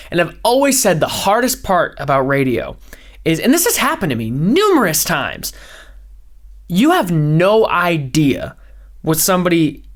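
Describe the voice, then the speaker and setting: A young man, a podcast host and former radio DJ, rambling in a fast, high-energy casual way with lots of "like" fillers. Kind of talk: casual solo podcast rant.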